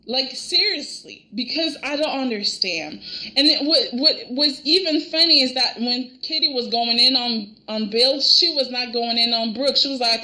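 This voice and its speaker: A woman giving casual review commentary on a soap opera, animated and exasperated, often restarting her sentences. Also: sits high, moderate pace, poor audio.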